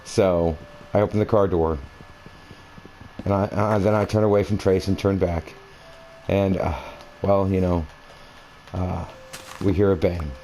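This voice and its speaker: A man with a deep, mellow voice talks casually over his console gameplay. He wanders from one thought to the next, full of fillers and restarts, and a faint hiss sits under the recording. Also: fairly even intonation, measured pace, poor audio. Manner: meandering, conversational, many fillers and restarts. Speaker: gaming video creator. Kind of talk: rambling personal storytelling over gameplay. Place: at home, playing a console game.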